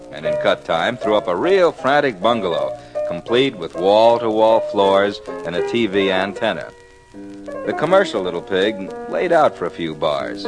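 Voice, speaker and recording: A man's voice: fairly low pitch, poor audio. A man telling a fairy tale in cool jazz slang, with a laid-back comic delivery. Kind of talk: hipster comic narration over music. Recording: vintage record with music behind. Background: music.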